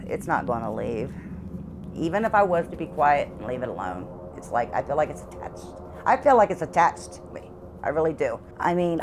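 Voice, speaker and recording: Middle-aged woman, low voice, earnest and halting, interview testimony from her own home. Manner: halting, repeats words, earnest. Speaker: homeowner interviewed about hauntings.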